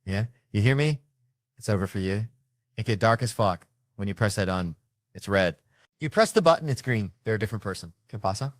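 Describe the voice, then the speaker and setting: Animated, profane male comedian with a low voice. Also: brisk, dry recording. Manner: animated, profane, acts out dialogue. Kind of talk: comic storytelling.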